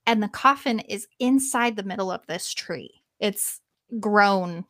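A woman hosting a podcast who retells a myth in a lively, casual way, swearing now and then. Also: medium pitch, measured pace, no room sound. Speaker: podcast host. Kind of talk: casual storytelling.

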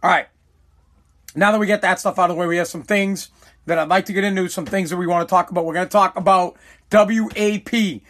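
Alone on his own podcast, a man rambles through a casual rant, swearing and correcting himself along the way. His high voice is a bit bright, fairly even in intonation, and a little fast, picked up on a streaming live mic.

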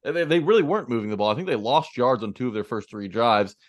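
Measured male football podcast co-host. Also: mid-range voice, lively intonation, dry recording. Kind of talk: casual sports podcast analysis.

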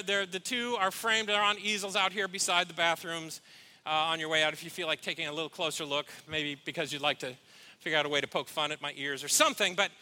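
A man's voice: sits high, bright, forceful tone. A middle-aged man, a pastor, giving a sermon in a heartfelt, storytelling way with asides to the congregation.

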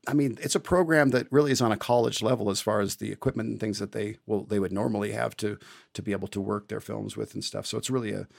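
Low, gravelly male podcast guest. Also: steady tone, fast talker. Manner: rambling, enthusiastic, many restarts. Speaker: podcast guest, former actor and teacher. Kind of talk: casual interview chat. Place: remote, not in the same room as the hosts.

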